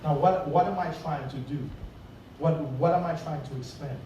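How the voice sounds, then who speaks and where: Middle-aged male preacher, high voice, storytelling sermon, distant mic in a big echoey church. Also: normal speed, warm tone, slight background noise. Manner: storytelling, asks the congregation "right?" often. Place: church sanctuary.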